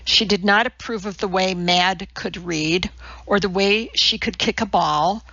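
A woman narrating a novel in a measured, even reading. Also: mid-range voice, no room sound, dull audio. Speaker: audiobook narrator. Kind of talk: scripted narration.

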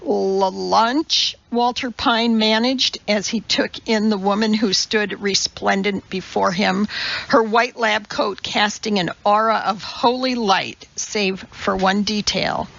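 Slow, gravelly woman narrating a story. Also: mid-range voice, fairly bright tone. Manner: measured, deliberate reading. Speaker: audiobook narrator. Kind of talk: scripted narration. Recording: slightly dull recording.

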